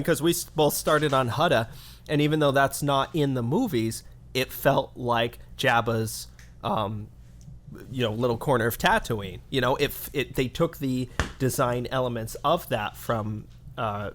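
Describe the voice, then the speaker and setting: A man's voice: mid-range voice, unhurried, a bit bright. A man co-hosting a gaming podcast, chatting casually and animatedly. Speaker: podcast co-host.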